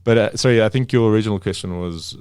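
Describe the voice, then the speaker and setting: A man's voice: fairly low pitch, fast, a little mellow, clear, resonant tone, no room sound, studio quality. A man who runs a media company, talking as a guest in a casual interview, rambling with many fillers and restarts.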